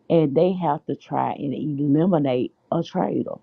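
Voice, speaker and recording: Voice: mid-range voice, measured pace, creaky, slightly rough, dry recording. A podcast host from the United States chatting casually and dishing reality-show gossip, calling listeners "child" and "honey.". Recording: dry, tinny phone-like line.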